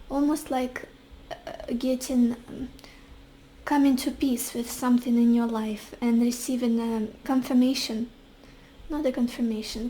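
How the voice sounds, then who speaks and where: A woman giving a tarot reading to camera, talking softly with many pauses and fillers. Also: on the high side, slight background noise, low-quality recording. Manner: soft, searching, often pausing with fillers. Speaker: tarot reader.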